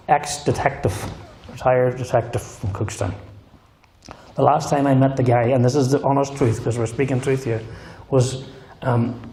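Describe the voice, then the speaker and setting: A man's voice: medium pitch, warm tone. A middle-aged man with a Northern Irish accent giving his personal testimony in church, telling his story in an earnest, emphatic way and repeating his key phrases. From Northern Ireland. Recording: roomy hall with faint guitar.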